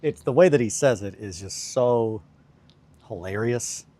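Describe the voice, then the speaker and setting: A man with a mid-range, mellow voice talks at an unhurried pace. While he works on a craft during his casual livestream, he rambles along, puts himself down good-naturedly, and laughs frequently.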